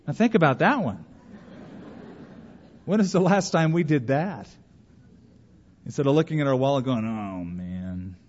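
Man, pastor, sermon, folksy, slightly high voice, long church reverb, dull sound. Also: moderate pace, pauses often. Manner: folksy, plays out quoted voices.

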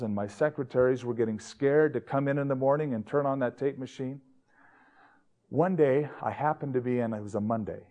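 A man's voice: medium pitch, dark tone. A male pastor preaching a sermon in a conversational, anecdotal storytelling manner.

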